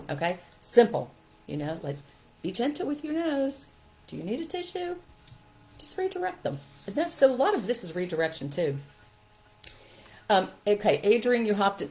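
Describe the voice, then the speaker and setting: A woman's voice: lowish voice, darkish tone, a little hiss or hum, poor audio. An older woman hosting a live talk, giving parenting advice in a chatty way, laughing often and reading viewer comments aloud. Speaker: host.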